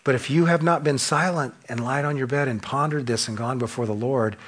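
A man preaching a sermon to a church congregation, impassioned, asking rhetorical questions and swinging between loud emphasis and hushed drops. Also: medium pitch, fairly quick. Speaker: pastor.

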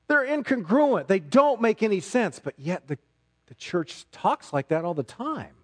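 A man preaching a sermon as a pastor, emphatic, dropping low and rising to loud, intense stretches. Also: very animated, normal speed. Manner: emphatic, swings between quiet and loud.

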